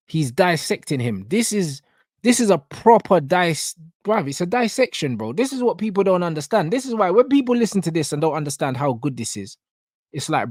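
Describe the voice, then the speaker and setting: A man breaks down rap lyrics in a heated, animated rant, dropping a low "bro" after nearly every phrase. His voice sits a little high, and the sound is dry and close, with no room around it. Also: no echo. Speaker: reaction channel host. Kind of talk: rap reaction commentary.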